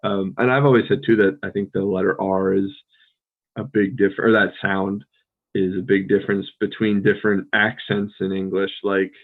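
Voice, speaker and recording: An American man co-hosting a podcast, chatting casually with a relaxed, rambling manner full of fillers and restarts. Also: deep voice, normal speed, narrow, tinny audio. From United States. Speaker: podcast co-host. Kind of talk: casual conversational chat.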